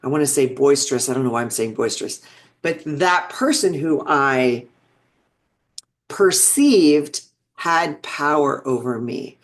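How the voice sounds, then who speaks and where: This woman has a very deep voice with lively intonation and a slightly slow delivery. In her sixties, she tells personal stories in an interview, reflective and earnest, often beginning sentences again.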